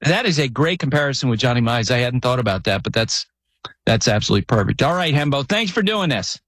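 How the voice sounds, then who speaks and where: A man's voice: mid-range voice, lively intonation, fast talker, a bit bright, no room sound. A man hosting a casual sports chat, telling stories with frequent restarts. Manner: conversational, frequent restarts, storytelling. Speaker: podcast host.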